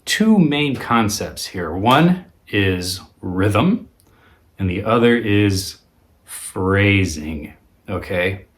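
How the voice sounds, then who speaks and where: A man teaching a guitar lesson in a relaxed, conversational way, with frequent ums and uhs. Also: fairly low pitch, extremely slow. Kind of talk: video lesson.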